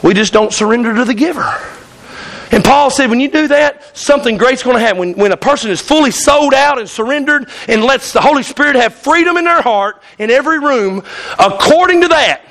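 A man's voice: very high voice, animated, fairly quick, a bit bright. A male pastor preaching a fiery sermon in church, hollering and calling out to the congregation. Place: church sanctuary.

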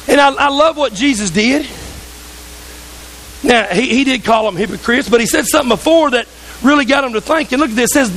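A man's voice: very high voice, expressive, a little fast, fairly bright tone, slight background noise, rough recording. A man preaching a sermon in a church, fervent and conversational, with asides to the congregation. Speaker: pastor.

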